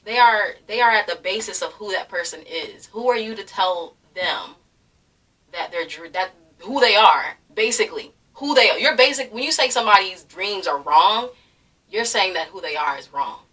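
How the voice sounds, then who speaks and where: Worked up and swearing, a young woman vlogger delivers ranting commentary in a bright, forceful, husky mid-range voice at a moderate pace, expressive and full of fillers and bursts of laughter. Her sound is slightly distant since she sits a little back from the mic.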